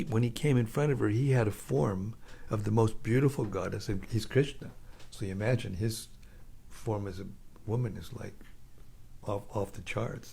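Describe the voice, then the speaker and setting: Gravelly-voiced man telling scripture stories. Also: on the low side, a little mellow. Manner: casual storytelling, chuckles often. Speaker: scripture class speaker. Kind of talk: informal scripture talk.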